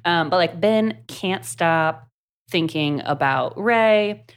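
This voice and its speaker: A woman from the American South with a light Southern accent, co-hosting a podcast and recapping a book in casual, animated chat full of "like.". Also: fairly low pitch, slow, smooth. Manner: chatty, animated, many "like" fillers. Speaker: podcast co-host.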